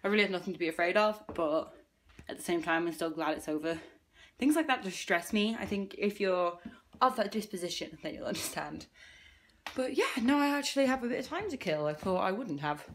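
A woman's voice: mid-range voice, lively intonation, a little fast. A young woman talking casually to camera in a vlog, chatty and self-deprecating, sometimes trailing into a near-whisper. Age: young adult. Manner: drops to a near-whisper at times. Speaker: vlogger, university student.

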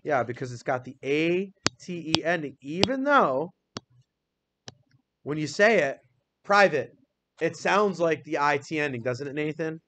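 A man's voice: on the high side, lively intonation, moderate pace, pushed and bright, slight background noise. A male teacher leading a classroom phonics lesson, patiently spelling words out letter by letter and quizzing students by name.

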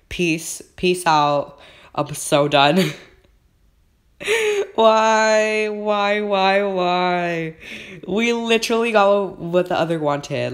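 Slow-talking nervous young gamer guy. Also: a little high. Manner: excitable, keeps saying how nervous and shaky he is. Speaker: gaming channel host. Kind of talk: casual gameplay commentary.

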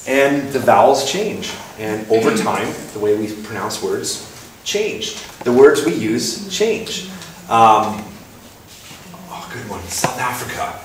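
A man's voice: medium pitch, slow pace, fairly bright tone. Man giving a hesitant talk. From Canada. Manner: hesitant, many ums and restarts, playful asides. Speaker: guest speaker. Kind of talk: informal public talk. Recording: echoey hall, distant mic, faint noise.

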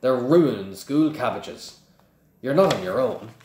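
Hagrid, a man doing a gruff giant. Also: mid-range voice, animated, unhurried, darkish tone, echoey room, a little hiss or hum, voice pushed up, natural voice. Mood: growling. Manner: gruff, growling. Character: gruff giant male groundskeeper, rough-spoken.

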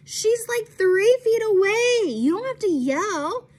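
A woman reading aloud, voicing a chatty, easily embarrassed girl of about twelve in a bright, raised girlish voice. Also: high-pitched, expressive, moderate pace, background noise.

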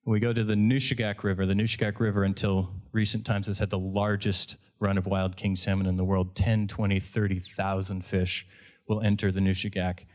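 Fishing guide guy telling a story on stage, lower voice, keeps restarting his sentences. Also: little pitch movement, fairly quick, darkish tone. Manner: conversational, with frequent restarts and self-corrections. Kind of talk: storytelling at a live event.

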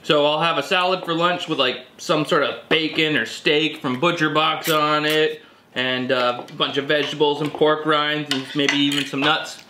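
A man's voice: a little high, fairly even intonation, moderate pace, pushed and bright, a little hiss or hum. Guy hosting his vlog from home at lunch, joking around, kinda roomy sound. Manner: playful and teasing, laughs often. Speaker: survival vlogger and channel host. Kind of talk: casual family chat to camera. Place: family home, indoors at lunch table.

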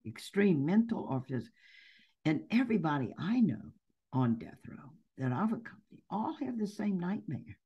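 A woman's voice: on the low side, very animated, normal speed, slightly rough, highs cut off. A nun and activist answering interview questions in an earnest, emphatic way, building her points through stories. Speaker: nun and anti-death-penalty activist, interview guest.

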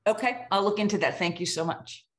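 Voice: mid-range voice, brisk. A volunteer giving a project update on a video call in a friendly, slightly hesitant way. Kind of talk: casual meeting update.

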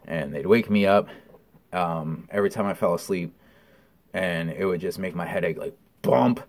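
Candid, swearing man with a lowish voice. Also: normal speed. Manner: candid, profane storytelling with many ums. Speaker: vlogger. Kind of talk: casual recovery update.

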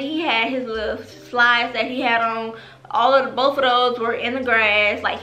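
Young woman, AAVE speech, bright tone, roomy echo, faint music under; animated, profane storyteller. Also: on the high side. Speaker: vlogger. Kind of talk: storytime vlog. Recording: echoey room with music behind.

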